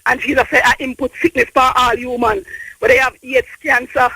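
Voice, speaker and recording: A woman with a Jamaican accent calling into a radio show, talking haltingly and repeating her words as she rambles. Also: sits high, little pitch movement, bright, forceful tone, husky, no room sound. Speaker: caller. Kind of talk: phone-in call. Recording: tinny phone line.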